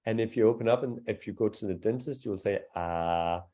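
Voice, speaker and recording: A male language teacher runs a live class with a mellow, warm voice. He speaks patiently, demonstrating sounds one by one and praising his students' attempts. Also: fairly low pitch, brisk.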